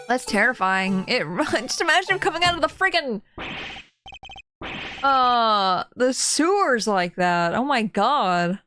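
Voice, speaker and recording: A woman streamer giving live commentary as she plays a game, excitable, laughing, shrieking and swearing. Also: a little high, a little slow, soft background music.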